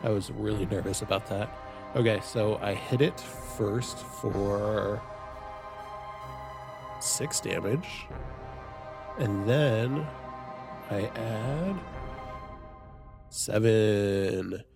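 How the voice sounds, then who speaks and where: Male player, gravelly and low, eager and jittery about rolls; faint music behind. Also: extremely slow, pauses often. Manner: eager, nervous reactions to dice rolls. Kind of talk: playing a tabletop game.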